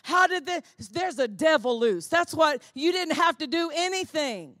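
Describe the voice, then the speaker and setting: A woman pastor delivering a sermon with a high voice and dry, close sound. She preaches with fervor, hammering phrases again and again and climbing into shouts. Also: animated, moderate pace, no room sound. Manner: fervent preaching that builds to shouting; repetitive, emphatic phrasing.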